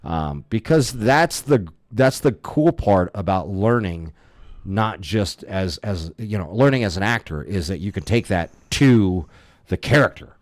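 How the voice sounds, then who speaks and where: A man co-hosting a casual podcast, telling stories in a rambling, animated way with many restarts. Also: on the low side, measured pace, no room sound, clean studio sound. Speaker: podcast co-host. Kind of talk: casual chat.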